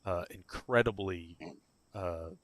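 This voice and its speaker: A man narrating a tabletop game as game master, halting and full of fillers, slowing down on key words. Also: low-pitched, a bit bright.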